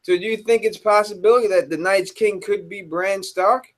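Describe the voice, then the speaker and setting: A man hosting a casual live podcast chat, animated and teasing, cursing freely as he moderates the guests. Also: high voice, moderate pace. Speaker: host.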